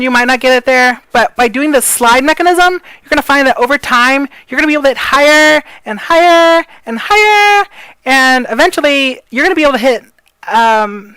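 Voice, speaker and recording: A woman's voice: high voice, bright, forceful tone, clean tone, no room sound, poor audio. A woman giving a casual voice tutorial, rambling with many fillers. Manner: rambling, filler-heavy, apologetic. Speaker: voice coach.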